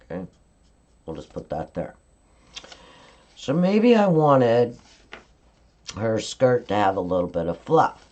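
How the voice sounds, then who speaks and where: Brief: woman craft demonstrator, low warm voice, chatty step-by-step coaching on a live stream. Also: big pitch swings, takes it slowly, long pauses, muffled recording. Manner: chatty step-by-step instruction, frequent "okay?" check-ins. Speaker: card-making demonstrator.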